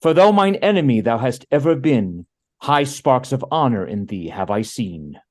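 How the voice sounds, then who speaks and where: A man's voice: mid-range voice, very animated, moderate pace. A man reading the part of a guilt-stricken new king in a Shakespeare read-through over a video call. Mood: grave. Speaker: volunteer reader.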